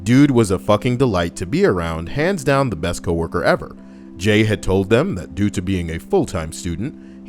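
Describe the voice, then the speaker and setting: A fairly low male voice reads workplace stories on a stream, swearing freely and tossing quick, wry asides to his chat. Music plays steadily beneath him the whole time. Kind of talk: casual live stream narration. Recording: background music playing.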